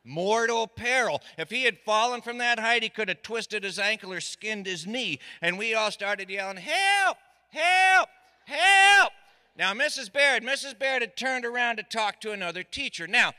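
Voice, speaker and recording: A middle-aged man tells a comic tale to a live audience. His voice sits high and cuts with a hard, bright edge. A long hall reverb trails each line. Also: moderate pace, few pauses. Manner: animated, shouting quoted lines, dry asides. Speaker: storyteller. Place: stage in a hall.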